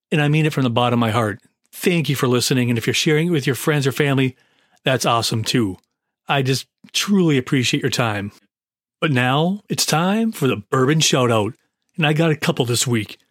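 Chatty Midwestern male podcast host, mid-pitched, dry close mic, rambling and effusive. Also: dry recording. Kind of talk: casual solo podcast monologue. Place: home basement.

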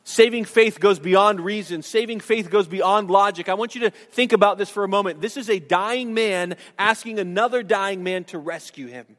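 A man's voice: high voice, normal speed, hardly any pauses, fairly bright tone, long reverb tail. A man preaching a sermon to his congregation, earnest and conversational, with restarts and asides. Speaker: pastor. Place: church sanctuary.

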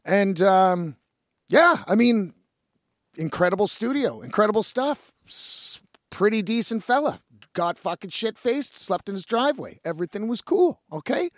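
A young man and independent musician telling a story in a casual, animated way, swearing freely and addressing listeners as folks. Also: sits high, moderate pace, no echo, studio quality.

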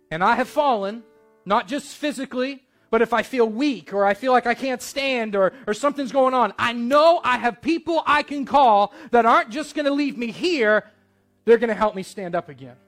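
A man's voice: very high voice, animated, moderate pace, a bit bright, soft background music. A man preaching a sermon to his church, telling a personal story in a conversational, earnest way. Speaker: pastor.

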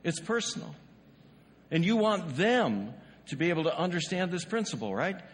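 A man's voice: on the high side, sing-song, moderate pace, big-room sound, slight background noise. A male pastor preaching a sermon in a conversational way, often asking the congregation rhetorical questions. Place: church sanctuary.

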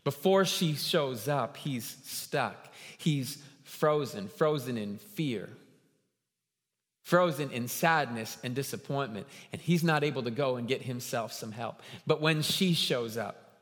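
A man in his thirties preaching a sermon as a guest pastor, telling stories and building to loud, emphatic peaks. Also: medium pitch, animated, takes it slowly. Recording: long hall reverb.

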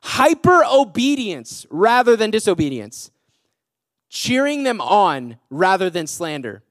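A young man in his twenties delivers a youth sermon in a casual, energetic way, slipping into teenage voices. His voice sits high and swings widely in pitch. It is recorded close and dry, with no room sound. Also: takes it slowly, dry recording. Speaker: youth pastor.

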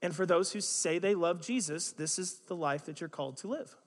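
A pastor with a voice that sits high speaks a little fast while preaching a sermon in a church sanctuary. He tells stories conversationally with self-mocking humor, and a long hall reverb fills the recording.

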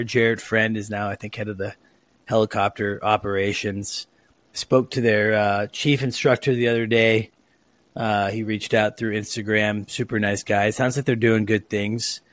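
This Oregon man hosts a podcast, talking in a chatty, meandering way full of fillers. His voice is fairly low and free of echo, picked up by his own microphone on a remote call.

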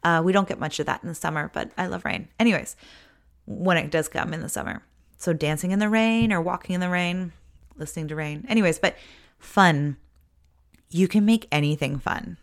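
Woman, 30s, lowish voice, chatty upbeat vlog delivery, casual filler-heavy talk. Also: brisk. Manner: chatty and upbeat, lots of "like" and "you know". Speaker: vlogger.

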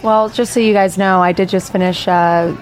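A woman's voice: medium pitch, steady tone, normal speed, poor audio. Woman cracking jokes on a podcast, mid voice, laughs a lot, faint restaurant hum. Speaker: podcast co-host. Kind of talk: casual chat.

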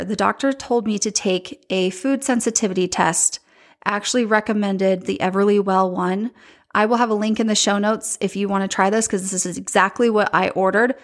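A woman, around her forties, hosting a podcast and telling a personal family story in a chatty, candid way, often slipping into animated quoted voices. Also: medium pitch. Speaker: podcast host.

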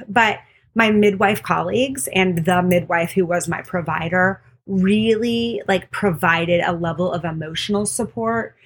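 A woman's voice: fairly low pitch, steady tone, moderate pace, slight background noise. A woman midwife and podcast co-host candidly telling a personal story in casual conversation. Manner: candid, storytelling with quoted voices.

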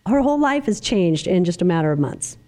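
A woman hosting an interview, speaking in a warmly encouraging, effusive way. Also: fairly low pitch, very animated, brisk. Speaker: interview host. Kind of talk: conversational interview.

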